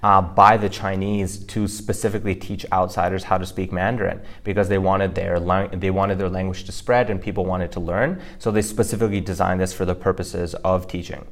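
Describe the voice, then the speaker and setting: A man with a very low voice talks through a language lesson in a relaxed podcast manner. He explains patiently and fills his pauses with um and like. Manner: explanatory, with frequent fillers. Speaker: podcast co-host teaching Mandarin.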